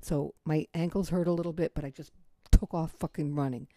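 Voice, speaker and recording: Low-voiced American woman telling a story. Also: fairly even intonation, fairly quick, mellow, dry recording. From United States. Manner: candid and swears freely. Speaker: podcast host. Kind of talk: casual storytelling.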